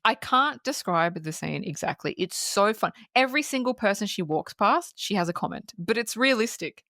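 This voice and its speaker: A woman's voice: medium pitch, moderate pace, no room sound, clean studio sound. A woman co-hosting a podcast, casually recapping a film scene by scene, acting out the characters' lines and swearing freely. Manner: animated storyteller who acts out quotes and swears freely. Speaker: podcast co-host.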